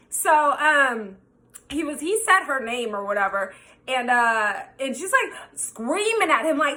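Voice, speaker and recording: A woman's voice: sits high, lively intonation, moderate pace, pushed and bright. A woman vlogger telling a personal story in a casual, candid way, swearing freely.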